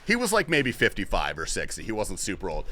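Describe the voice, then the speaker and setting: A young man streaming a game, telling a story in a casual, animated way, swearing and laughing often. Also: on the low side, brisk. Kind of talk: casual story-telling chat while gaming.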